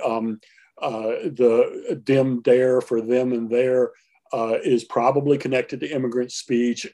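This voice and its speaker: A man speaks as an interview guest, laying out ideas in a measured, explanatory way. His pitch sits in the middle of the range, and he pauses on filler words while he thinks. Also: mellow. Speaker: linguist guest.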